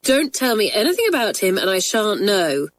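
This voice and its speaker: A woman reading a storybook and voicing a brisk, scolding older schoolgirl who is kind underneath. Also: medium pitch, big pitch swings, lightly acted.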